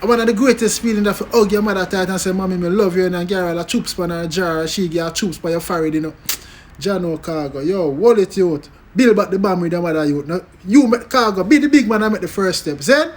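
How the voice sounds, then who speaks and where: High-voiced, animated Jamaican man. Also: fairly quick, a little hiss or hum. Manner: animated, keeps tagging lines with "you know" and "big up". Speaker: music commentary host. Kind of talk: casual vlog commentary.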